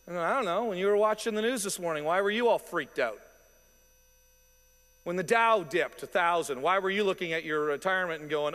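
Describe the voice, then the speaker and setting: A male pastor preaching a sermon in an animated, conversational way, with asides and quoted voices. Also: on the high side, moderate pace. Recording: long reverb of a large hall.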